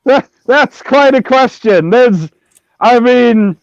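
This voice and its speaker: A man's voice: very high-pitched, expressive, slow pace, no echo. A man co-hosting a casual podcast chat, joking with wry asides. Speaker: podcast co-host. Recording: dull lo-fi sound.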